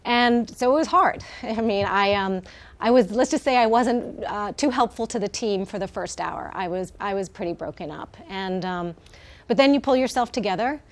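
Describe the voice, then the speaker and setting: A woman's voice: on the high side, moderate pace. Heartfelt middle-aged woman TV guest. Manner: heartfelt, many fillers and restarts. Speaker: guest, head of an animal welfare group. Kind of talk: live TV interview.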